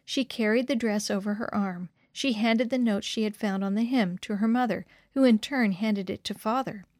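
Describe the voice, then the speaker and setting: A woman reading a story aloud in scripted narration, measured and expressive. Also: medium pitch, dry recording, clean studio sound.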